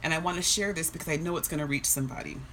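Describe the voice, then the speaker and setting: Casting: soft-spoken woman, low-pitched, earnest and emotional, on the edge of tears, faint background hiss on a phone. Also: rapid-fire. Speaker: fitness social media host. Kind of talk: casual live-stream talk and reading aloud.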